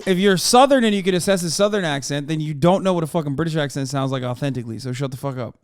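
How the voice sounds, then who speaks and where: A man's voice: on the high side, quick pace, clear, resonant tone, dry recording, studio quality. A man hosting a stream in casual chat, brash, profane and teasing. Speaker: streamer host.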